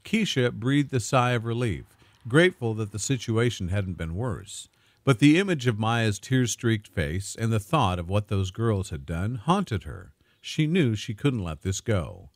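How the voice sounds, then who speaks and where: A man narrating a dramatic story in a smooth, scripted way. His voice sits low but moves lively through its pitch. The recording is dry and close. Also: measured pace, dry recording.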